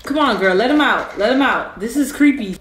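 A woman's voice: on the high side, a little fast, echoey room. A woman hosting a gaming video, giving playful, teasing commentary as she plays alongside someone. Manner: playful, animated, teasing coach. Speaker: gaming channel host. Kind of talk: casual gameplay commentary.

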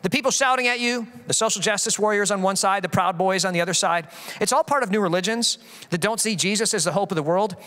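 A male pastor delivers a sermon in a quick, lively rush and often slips into the voices he quotes. His voice sits high and bright. A long hall reverb trails his words. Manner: animated, acts out quoted voices.

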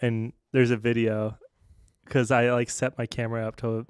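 A man co-hosting a podcast, telling stories in an excitable, profane casual chat. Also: mid-range voice, normal speed, clean tone, no room sound, clean studio sound. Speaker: podcast co-host.

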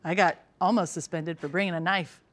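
A woman's voice: lowish voice, fairly even intonation, fairly quick, background noise. A woman co-hosting a cooking show, telling a wry, playful story in casual chat and acting out the voices in it.

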